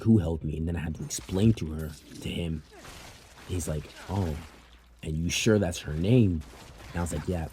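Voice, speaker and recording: Young man, very low dark voice, animated storyteller, faint noise behind. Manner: animated, swearing, tearful at times. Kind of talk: casual storytelling.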